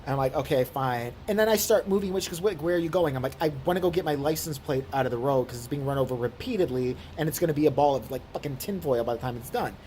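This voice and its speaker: A woman's voice: extremely low pitch, fast talker, few pauses, a little hiss or hum. A woman vlogger telling a story as an indignant, profane rant. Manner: indignant, swearing, animated storytelling.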